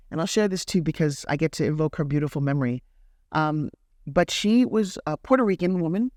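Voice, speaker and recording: A woman guest in an interview, telling a story with animated energy and acting out the other people's lines in lively voices. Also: on the low side, dry recording, clean studio sound. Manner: acts out quoted dialogue in lively voices. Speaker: guest entrepreneur.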